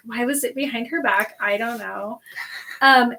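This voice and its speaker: A high-voiced woman co-hosting a casual podcast about a novel. She reads passages aloud and breaks in with dramatic, teasing reactions. She speaks at an unhurried pace. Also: sharp tone. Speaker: podcast co-host. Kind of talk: casual book recap chat.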